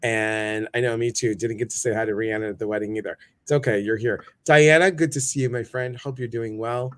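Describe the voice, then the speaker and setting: A man's voice: medium pitch, steady tone, fairly quick. Chatty upbeat man hosting a livestream. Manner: chatty and upbeat, greeting viewers one by one. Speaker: talk show host. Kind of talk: casual livestream chat.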